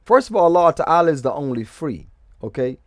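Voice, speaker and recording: Male vlogger, loose rambling commentary with restarts; somewhat high voice. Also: big pitch swings, fairly quick, dry recording, clean studio sound. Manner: rambling with restarts, often asking "okay?". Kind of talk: casual commentary.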